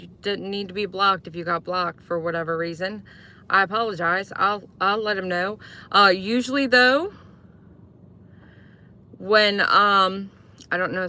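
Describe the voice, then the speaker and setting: A woman live streaming in casual chat, talking to viewers and answering their comments. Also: sharp tone. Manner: chatty, answers chat comments, mimics sweet talk in high voice.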